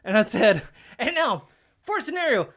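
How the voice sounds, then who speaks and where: Man, casual storytelling chat, very lively pitch, animated, laughs at himself. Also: moderate pace.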